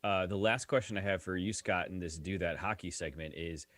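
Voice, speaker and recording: A man co-hosting a podcast with deadpan, roasting and self-mocking banter. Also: low-pitched, a little fast, dry recording. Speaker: podcast co-host. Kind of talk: casual banter.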